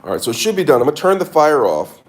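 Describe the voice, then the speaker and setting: A man's voice: a little high, big pitch swings, very fast. Hammy man cooking on camera. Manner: mock-serious, hammy, repeats catchphrases. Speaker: cooking vlogger. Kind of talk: casual cooking demo to camera. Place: home kitchen.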